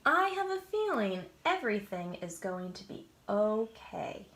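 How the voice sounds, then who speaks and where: A woman's voice: mid-range voice, very animated, measured pace, slight background noise, voice pushed down. A woman voicing a cheerful, reassuring lollipop character in a children's story. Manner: bright and reassuring.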